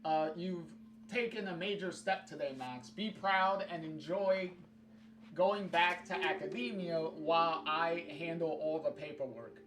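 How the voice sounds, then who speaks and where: A streamer reading out the lines of a brisk, businesslike adult woman art agent in a low, quiet voice, with fillers. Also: crowd noise, lightly acted. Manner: reads the lines flatly with fillers. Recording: roomy sound with guitar music.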